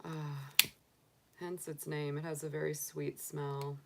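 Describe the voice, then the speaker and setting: A chatty, upbeat woman hosts a casual tarot livestream, greeting viewers by name. Her voice sits a little low for a woman, and she keeps an easy, enthusiastic flow. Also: level tone, slow, creaky, heavy background noise. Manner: cheerful and enthusiastic. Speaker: tarot reader and livestream host.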